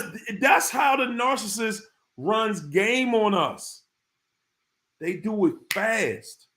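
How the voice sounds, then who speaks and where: A man's voice: very high-pitched, a bit bright. A man hosting a casual live stream, talking straight to his viewers in informal slang and repeating his points for emphasis. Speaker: live-stream host talking about narcissists.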